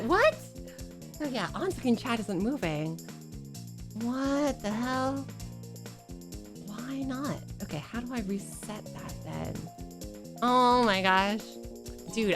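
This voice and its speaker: A woman livestreaming a video game from her computer at home, chatting casually, excitable and joking, with frequent swearing. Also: a little high. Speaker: streamer. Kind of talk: casual gameplay livestream chat.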